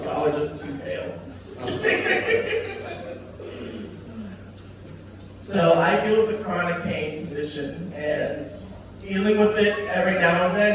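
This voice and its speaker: A woman doing a stand-up set in a comedy club, with a brash, profane, punchy delivery. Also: on the low side. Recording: echoey club heard from far off with noise.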